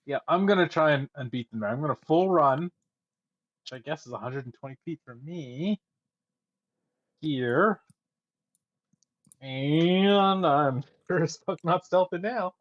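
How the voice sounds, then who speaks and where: A man's voice: on the high side, slow pace, long pauses, no echo. Swearing man on a dull call line. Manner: casual, swears freely. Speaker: player. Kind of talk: casual tabletop play.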